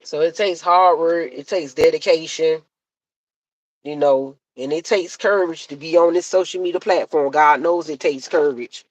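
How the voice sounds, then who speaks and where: A woman's voice: deep voice, moderate pace, no echo, highs cut off. A middle-aged woman chatting casually to her live-stream viewers, repeating herself and laughing easily. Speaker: live-stream content creator.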